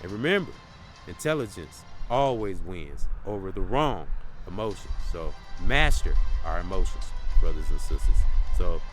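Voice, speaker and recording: Male motivational podcaster, low voice, casual and preachy, recorded outdoors with music underneath. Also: very animated, normal speed, rough recording. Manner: preachy, repeats phrases, says "real talk" and "salute". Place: outdoors in windy nature.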